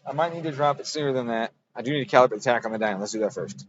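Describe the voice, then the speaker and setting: A man's voice: mid-range voice, racing, hardly any pauses, lo-fi sound, slight background noise. A man tuning an engine on a livestream, talking casually and thinking aloud as he works. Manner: thinks aloud, rambling, self-correcting. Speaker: engine tuner streaming a dyno session. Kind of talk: casual technical livestream talk.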